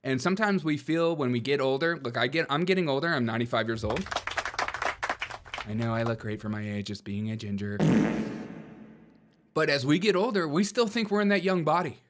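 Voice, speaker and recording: A man's voice: mid-range voice, animated, a little fast, pauses often, slight background noise. A man hosting a comedic political commentary show, joking and mocking with frequent laughter. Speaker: host.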